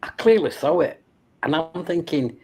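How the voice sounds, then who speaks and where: Here a husky voice at medium pitch and moderate pace reminisces casually on a stream. The storytelling is loose and animated, with plenty of laughter and free swearing.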